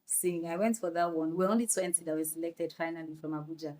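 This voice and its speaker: A young Nigerian woman with a Nigerian accent, a guest on a podcast, telling her story in a lively way, slipping into Pidgin phrases and laughing. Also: on the low side, quick pace. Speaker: guest actress. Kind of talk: podcast interview.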